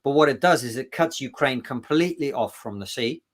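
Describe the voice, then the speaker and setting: A man with an ordinary mid-pitched voice talks as an interview guest. He is emphatic and sometimes stumbles and restarts mid-thought. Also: animated, a little fast. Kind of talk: casual interview talk.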